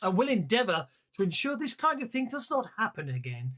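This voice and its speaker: A man's voice: sits high, sing-song, a little fast, a bit bright, pitched above the performer's own voice, full character voice. A man voicing a polite, formal middle-aged mayor who speaks in a courteous, old-fashioned way. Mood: apologetic. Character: middle-aged male mayor, genteel and smooth-talking.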